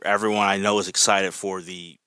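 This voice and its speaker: A man's voice: deep voice, flat delivery, brisk, pushed and bright, clean tone, no echo. A man talking as a podcast guest in casual chat, enthusiastic and rambling, with lots of fillers.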